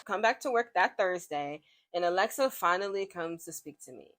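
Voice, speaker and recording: A young woman telling a dramatic storytime about work, expressive and full of slang and asides. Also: on the low side, normal speed. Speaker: vlogger telling a workplace story. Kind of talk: animated storytime monologue.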